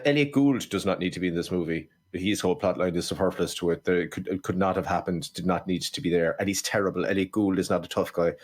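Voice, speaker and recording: A man, co-hosting a podcast, ranting and swearing in casual film chat. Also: sits low. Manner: profane, ranting. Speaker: podcast co-host.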